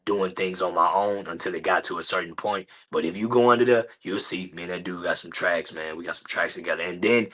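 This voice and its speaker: A young man talking casually as a guest on an interview show, laid-back and halting with many fillers. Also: low voice, sharp tone. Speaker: guest, son of a late rapper.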